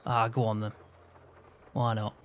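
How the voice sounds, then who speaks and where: A man's voice: fairly low pitch, level tone, measured pace. A man in casual game roleplay, chatting as a farm hand in an easygoing way with mild swearing.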